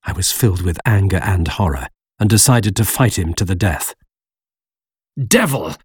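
A man reading a story aloud in the first person, with a husky, gravelly voice, in measured, expressive audiobook narration. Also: sits low, no echo, clean studio sound.

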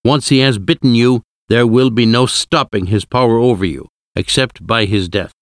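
A man voicing a grave, calm older male professor in a low, hushed tone. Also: moderate pace, dry recording, studio quality, natural voice.

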